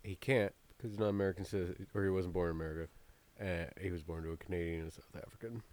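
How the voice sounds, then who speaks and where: Male podcast co-host, lowish voice, blunt, salty language. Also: fairly even intonation, fast, a little mellow. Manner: blunt, curses freely. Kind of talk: casual chat.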